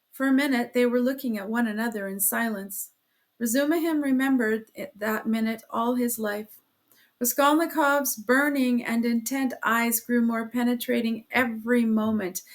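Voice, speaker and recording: A woman narrating a classic novel as an audiobook reader, expressive, giving the quoted lines their own voices. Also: fairly high pitch. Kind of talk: scripted narration.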